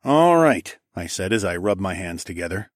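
Low-voiced male audiobook narrator. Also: fairly quick, dry recording, clean studio sound. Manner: lively storyteller who voices characters, with casual swearing. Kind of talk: first-person fantasy audiobook narration.

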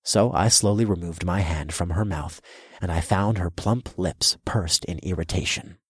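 A man giving measured first-person narration of a fantasy audiobook, turning commanding for his own character's lines. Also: deep voice, slightly rough, dry recording, studio quality.

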